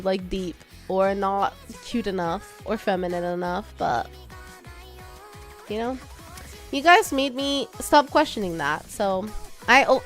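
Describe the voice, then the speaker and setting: A woman's voice: on the high side, fairly bright tone. A young woman streamer with a slight Texan twang, chatting casually with her viewers while she works, self-deprecating and laughing often.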